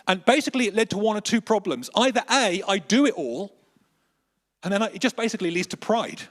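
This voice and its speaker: A man preaching a sermon with animated storytelling, moving between emphatic declarations and hushed, slower moments. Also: sits high.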